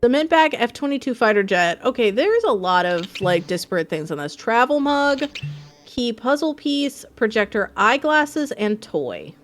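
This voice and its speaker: A woman streaming a game live, chatting in a bubbly, excitable way with her viewers. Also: a little high, normal speed. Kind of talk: casual live-stream chat.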